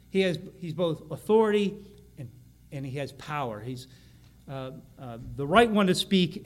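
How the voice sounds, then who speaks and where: Male pastor, high voice, teaching sermon, reads passages and explains them with some restarts. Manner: reads scripture aloud, then explains it with frequent restarts. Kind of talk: expository sermon.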